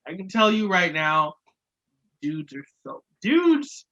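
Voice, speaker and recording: A man's voice: high-pitched, slow, muffled recording. A man co-hosting a podcast, joking loosely and swearing as he riffs on a reality show. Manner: animated, joking, swears freely, laughs often. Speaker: podcast co-host. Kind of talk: casual TV recap chat.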